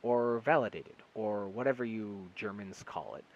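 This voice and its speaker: A man's voice: lowish voice, normal speed, lo-fi sound, close to an everyday voice. A man reading the lines of an eager, curious young male graduate student in an audiobook. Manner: curious, persistent questioning.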